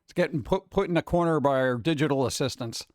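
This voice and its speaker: A man's voice: a little high, quick pace, darkish tone, dry recording, studio quality. A man hosting a casual stream chat, rambling and mimicking gadget voices as he talks to his chat. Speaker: streamer host.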